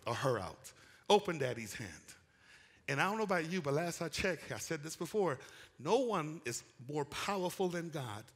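Fiery preacher man in a reverberant hall. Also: fairly high pitch. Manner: animated preaching with call-and-response, rising to shouts. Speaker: pastor. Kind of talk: sermon. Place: church sanctuary.

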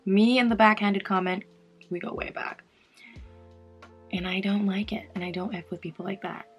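A young woman from Canada chatting casually to camera while doing her makeup, animated and sometimes mocking. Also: medium pitch, normal speed, muffled recording. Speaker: beauty vlogger. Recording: faint music behind.

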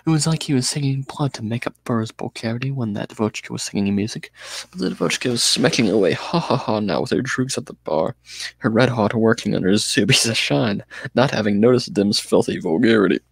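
A man reads a novel aloud in a measured, dramatic way. His voice is gravelly and husky. The recording is dry and close. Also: medium pitch, animated, no echo. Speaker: audiobook reader. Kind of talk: first-person novel reading.

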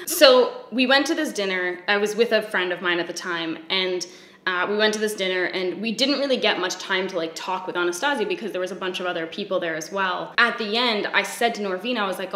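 A woman's voice: mid-range voice, fairly quick, pushed and bright. A young woman telling a long, candid story on her beauty vlog, chatty and casually swearing. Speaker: beauty vlogger. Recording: echoey room.

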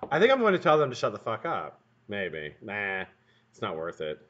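A man rambles through a casual live stream from his home workbench, his talk full of swearing and joking asides to the chat. His pitch swings a lot, and the stream audio sounds dull and lo-fi. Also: huge pitch swings, moderate pace, fairly bright tone. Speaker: livestream host building vape coils. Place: home workshop room.

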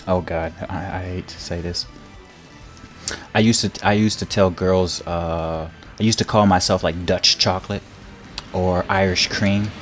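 A deep-voiced young man chats loosely over his gameplay, stumbling over his words and doubling them up. He laughs a lot and turns loud and excited when things go wrong on screen. Faint game music runs underneath. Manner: rambling, repeats words, laughs often, gets loud and excited when hit. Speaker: gameplay streamer. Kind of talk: casual gameplay commentary.

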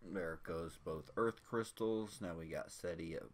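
Male gamer, deep voice, laid-back commentary into a desk mic, hiccuping throughout. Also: measured pace. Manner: relaxed, chatty, with small hiccups between phrases. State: has the hiccups. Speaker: gameplay commentator. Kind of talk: casual game commentary. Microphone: desk microphone.

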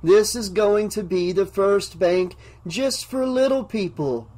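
Man doing a dazed bank clerk, calmly unhinged, deferential but firm, higher voice, storybook reading. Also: measured pace. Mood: dreamy, formal. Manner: dreamy, deferential yet firm. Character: delirious male bank clerk, calm and unhinged.

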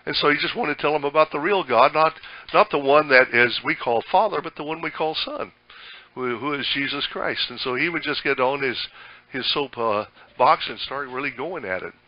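A man's voice: on the high side, normal speed, no room sound, highs cut off. An older man preaching a sermon as pastor, folksy and conversational, with many fillers and restarts.

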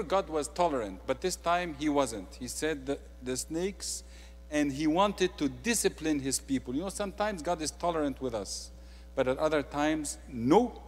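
A man with an Egyptian accent preaching a sermon, swinging between quiet, intimate asides and loud, emphatic declarations. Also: on the high side, long reverb tail.

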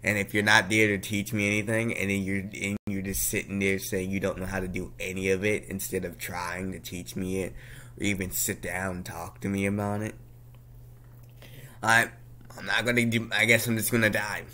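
A young man venting in a casual, slangy monologue, repeating himself and bursting into loud outbursts. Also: low-pitched, flat delivery, normal speed. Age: young adult. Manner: slangy, repeats himself, laughs at his own jokes. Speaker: vlogger.

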